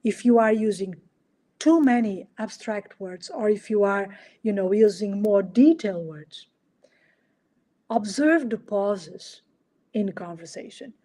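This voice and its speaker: A woman hosting a solo podcast in an animated coaching style, asking rhetorical questions and making small grammar slips. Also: medium pitch, unhurried. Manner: animated, acts out little dialogues, asks rhetorical questions. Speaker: podcast host.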